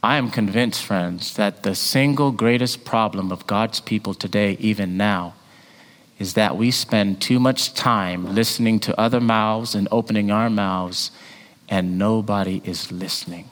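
A man of Jamaican heritage preaching a sermon, swinging from loud rising calls to hushed near-whispers. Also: fairly low pitch, measured pace. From Jamaican family. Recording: long hall reverb.

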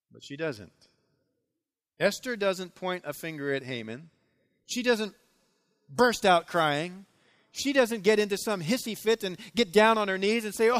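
A man preaching a sermon who retells a biblical story with dramatic flair. His pitch sits a touch high and swings widely, swelling loud on key moments and dropping low for emphasis. He addresses the congregation directly with questions. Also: animated, a little slow. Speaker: pastor.

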